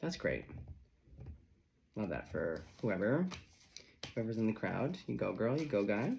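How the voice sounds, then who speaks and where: A man's voice: on the low side, very animated, measured pace, gravelly, darkish tone, a little hiss or hum. A man giving a casual tarot reading in a sassy, chatty, profane manner. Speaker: tarot reader.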